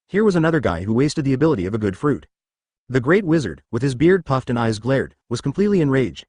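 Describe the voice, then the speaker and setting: Here a male narrator's synthetic voice swoops through big pitch changes while racing through a fan story, his tone a little dark. Recorded close and dry without echo, he reads censored words out as letters and asterisks.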